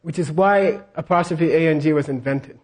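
A man's voice: a little high, moderate pace. A man teaching a class on scripture, leading the students in repeating lines and checking in with them again and again. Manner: leads call-and-response repetition.

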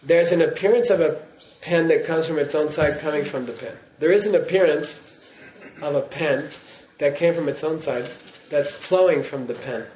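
A man's voice: a little high, moderate pace, darkish tone, a little hiss or hum. A man giving a Buddhist teaching in class, in a playful way, often checking in with his listeners. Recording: roomy hall echo.

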